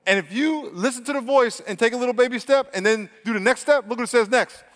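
A man's voice: very high voice, quick pace. Preaching man in a reverberant hall. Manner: energetic, swings from loud to hushed. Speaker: pastor. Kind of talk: sermon.

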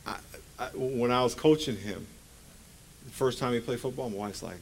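A man's voice: fairly low pitch, steady tone, moderate pace, pauses often, a little hiss or hum. A man in his forties preaching a conversational sermon in a church, joking and firing rhetorical questions at the congregation.

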